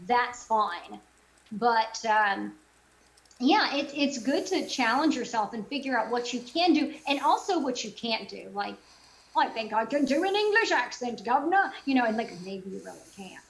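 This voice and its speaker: Chatty middle-aged woman, slightly high voice. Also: rough recording. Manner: chatty, many fillers and self-quotes. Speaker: voice actor guest. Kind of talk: casual interview chat. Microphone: video call.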